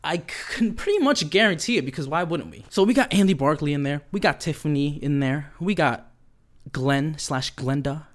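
A man's voice: a little high, animated, normal speed. A man recapping a horror series in a casual, profane chat, with lots of fillers and acted-out quotes. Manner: loose and profane, lots of "like" and "you know"; acts out quoted characters while retelling. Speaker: pop culture commentator.

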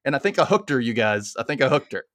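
A man's voice: medium pitch, sing-song, quick pace, a bit bright. A man hosting a book podcast, chatty and upbeat, laughing often. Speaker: podcast host. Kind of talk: casual podcast chat.

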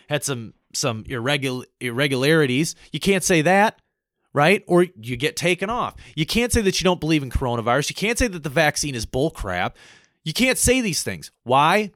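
A man's voice: fairly high pitch, a bit bright, dry recording, studio quality. An American man giving a heated, impassioned political rant, repeating himself and calling his listeners folks. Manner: heated, repetitive, addresses audience as folks. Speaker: political commentator.

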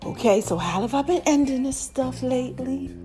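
A woman's voice: sits high, lively intonation, normal speed, mellow. A woman hosting a podcast, giving casual motivational talk in a playful way, repeating phrases and calling her listeners "baby.". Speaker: podcast host.

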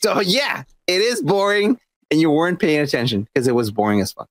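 Podcast co-host, man, bouncing pitch, swearing and mocking, dry close sound. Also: a little fast, dry recording. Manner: profane, animated, mocking. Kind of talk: crude casual podcast chat.

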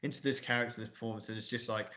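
A man's voice: on the low side, fairly even intonation, rapid-fire, a crowd in the background. A man hosting a film review podcast, chatting casually with lots of swearing and rambling asides. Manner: swearing, rambling, mocking impressions. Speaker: podcast host.

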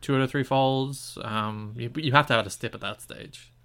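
A young man co-hosting a relaxed chat show, trading wry, dry jabs at an easy middle pitch. His delivery stays deadpan and teasing while he walks through the details. He sounds like someone joking with a friend. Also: normal speed, a little hiss or hum. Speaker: podcast co-host. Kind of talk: casual chat.

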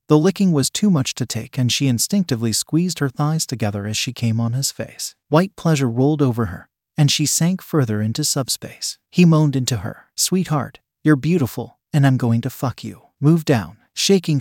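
A man reading an adult romance story aloud in a steady, unhurried way. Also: mid-range voice, dry recording, studio quality. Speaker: story narrator.

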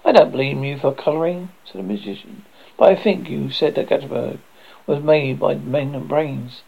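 A man, a horror host, reading a classic ghost story aloud and stumbling over words as he restarts his lines with sudden swings in loudness. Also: medium pitch, normal speed, vocal fry, husky, phone-quality sound.

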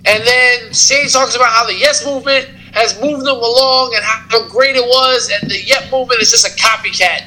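A man co-hosting a podcast, recapping wrestling shows in casual, animated chat. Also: very high-pitched, poor audio. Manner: animated, quick recap storytelling.

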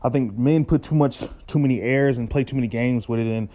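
Man, caller, blunt, swearing, dark mellow voice, lo-fi line. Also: medium pitch, fairly quick. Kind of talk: casual advice. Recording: dull lo-fi call line.

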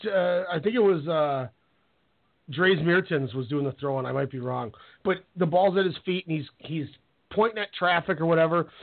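Animated sports radio host, tinny line. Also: male voice, sits high. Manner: animated storyteller, acts out players with quoted voices. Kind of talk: casual sports radio chat. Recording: tinny phone-line sound.

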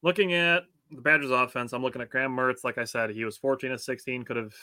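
A man's voice: mid-range voice, steady tone, fast talker, sharp tone, no echo, clean studio sound. A man with an American accent co-hosting a sports podcast, chatting casually, reading out listener comments and laughing often. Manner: laughs often, reads chat comments aloud. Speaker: podcast co-host.

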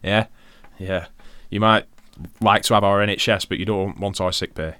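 A man's voice: lowish voice, steady tone, normal speed, sharp tone, clean tone, dry recording. A British man co-hosting a podcast in casual chat, laughing often and swearing casually. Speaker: podcast co-host.

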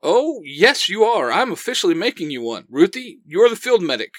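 A confident hunter commander handing out orders with brisk authority, as a man puts him on. The voice is fairly high for a man and sounds close and dry in a storybook reading. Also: big pitch swings, fairly bright tone, no room sound, heavily acted. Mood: commanding. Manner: authoritative, upbeat.

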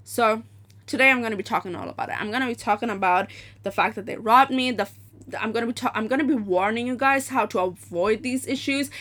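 A woman in her late teens hosting a solo podcast, telling stories in an animated, profane rant. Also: medium pitch. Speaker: podcast host.

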